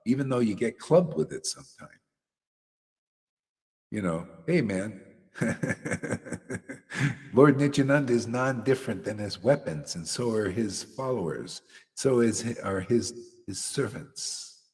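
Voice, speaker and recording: A man's voice: medium pitch, expressive, slow, pauses often, a little mellow, long reverb tail. A man giving a devotional sermon as a spiritual teacher, preaching bluntly and emphatically with mocking asides.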